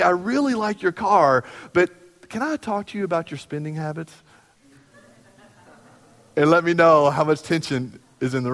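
Pastor preaching in a reverberant church. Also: male voice. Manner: conversational, acts out everyday dialogue with lively jumps in pitch. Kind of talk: sermon. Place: church sanctuary. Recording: long hall reverb from the sanctuary.

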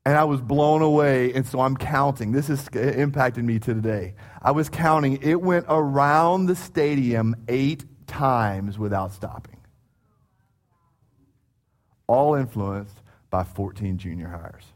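A man preaching a sermon, telling a lively story and acting out crowd chants before reading scripture. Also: medium pitch, measured pace, few pauses. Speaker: pastor.

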